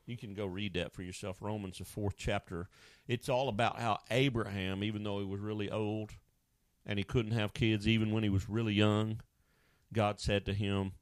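A man preaching a sermon, animated, acting out Bible scenes and now and then jumping into high wailing voices. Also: normal speed, no room sound, clean studio sound.

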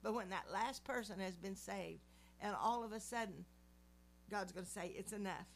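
A woman's voice: medium pitch, normal speed, creaky, a little hiss or hum. A woman in her seventies praying and giving an earnest devotional teaching. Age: 70s. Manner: earnest, preacherly. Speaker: Christian speaker.

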